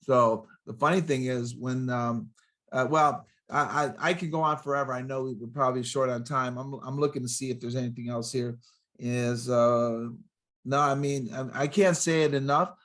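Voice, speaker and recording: An excitable older man in his sixties talks as a motivational speaker, his voice sitting in an ordinary middle pitch. He rattles off rhyming catchphrases and punchy lines, hopping from one story to the next in a lively podcast chat. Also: normal speed. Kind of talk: energetic podcast interview.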